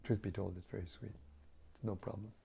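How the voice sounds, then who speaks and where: An older man with a raspy voice, speaking as a spiritual teacher in a gentle, humble, reflective way while chatting with listeners after a devotional reading on an online call. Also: on the low side, level tone, fairly quick, a little hiss or hum.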